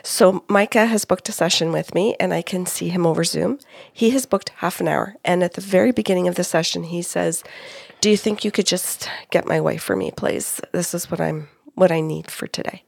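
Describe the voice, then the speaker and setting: Gravelly-voiced woman telling a story. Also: on the low side, normal speed, dry recording, clean studio sound. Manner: animated, quotes spirits and clients, laughs often. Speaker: psychic medium, co-host. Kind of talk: storytelling about a reading.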